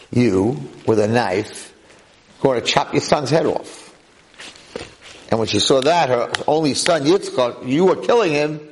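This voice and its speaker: Animated rabbi teaching a class. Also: male voice, mid-range voice, slight background noise, rough recording. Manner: animated storyteller, full of rhetorical questions. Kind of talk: lively Torah class. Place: classroom with a live audience.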